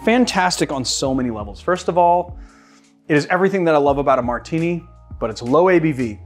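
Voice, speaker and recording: A fast-talking man from the Boston area, USA, hosts a casual cocktail-making show, chatting and rambling with animated asides as he mixes and tastes drinks. His pitch is fairly high, and soft music plays in the background.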